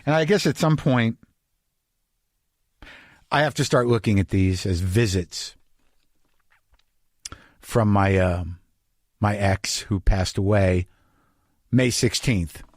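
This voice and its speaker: A podcast host with a fairly low voice speaks slowly with long pauses, candid and reflective, often restarting his sentences across a casual monologue and interview. The recording is dry and clean, studio quality.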